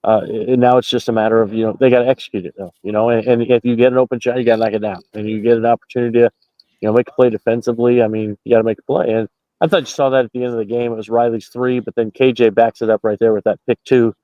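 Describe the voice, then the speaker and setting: A man's voice: medium pitch, steady tone, racing, no room sound. A man calling in from a basketball arena right after a game, giving loose postgame analysis with lots of fillers and restarts. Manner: rambling, many fillers and restarts. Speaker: basketball reporter. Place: basketball arena, just out of the locker room. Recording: dull lo-fi call audio.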